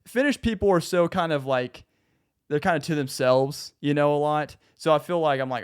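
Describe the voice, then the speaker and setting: A man's voice: medium pitch, moderate pace, clear, resonant tone. A young man hosting a podcast, talking in an easygoing, chatty way with plenty of fillers. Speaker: podcast host. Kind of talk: casual podcast chat.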